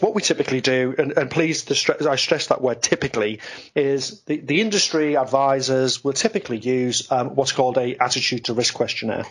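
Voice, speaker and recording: A man, a guest on a podcast interview, explaining ideas in an animated, talkative way. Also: medium pitch, slightly rough. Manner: animated, explanatory, self-deprecating about ranting. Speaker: guest, investment expert.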